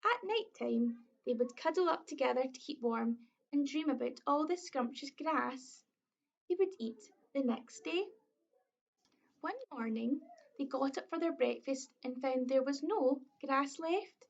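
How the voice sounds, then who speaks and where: A woman with a Scottish accent reading a children's story aloud, expressive, slow and clear. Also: high voice. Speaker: early years storyteller. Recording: dull lo-fi recording.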